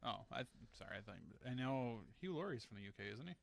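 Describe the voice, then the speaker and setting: A man's voice: mid-range voice, lively intonation, fast, gravelly. A man co-hosting a casual podcast, laid-back and joking, swearing casually. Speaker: podcast co-host. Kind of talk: casual chat.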